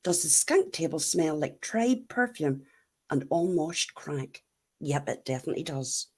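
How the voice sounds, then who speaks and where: Chatty Irish woman with a lowish voice. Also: animated, a little slow, breathy edge. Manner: chatty, blunt, laughs often, swears. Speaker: YouTube livestream host. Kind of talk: casual chat reading live comments.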